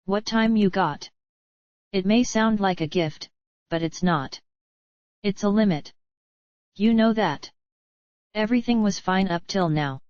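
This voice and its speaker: A woman voicing a cruel, crude mayor who taunts a captive, in a slow screenplay reading. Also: lowish voice, a little mellow, dry recording, lightly acted. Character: cruel scheming mayor, mocking captor. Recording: dull lo-fi dry recording.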